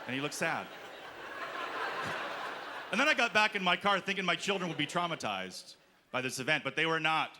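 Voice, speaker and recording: Stand-up comic with a higher voice. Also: male voice, animated, normal speed, pauses often. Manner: storytelling, acts out quoted lines. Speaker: stand-up comedian. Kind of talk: stand-up comedy set. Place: comedy festival stage. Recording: live club with crowd and noise. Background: audience laughing.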